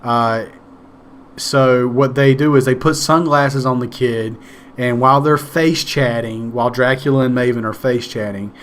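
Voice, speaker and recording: A man's voice: medium pitch, fairly even intonation, a little slow, a bit bright, slight background noise. A man casually recapping a movie, rambling, sarcastic and swearing now and then. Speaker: movie reviewer.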